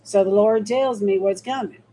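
Talking directly to her audience, this middle-aged woman tells the story of her faith as a mother, casually, folksily, and with emphasis. She speaks at normal speed in a warm, medium-pitched voice, and the recording is rough with slight background noise.

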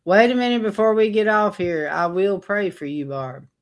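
A woman's voice: medium pitch, moderate pace. A woman preacher giving an informal sermon to an online audience, telling a rambling story in an earnest way.

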